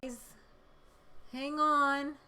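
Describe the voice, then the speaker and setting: A woman hosting a political livestream, reading chat comments and speaking with emotion, close to tears, shifting between loud outbursts and quiet moments. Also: high-pitched, flat delivery, extremely slow. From Middle East.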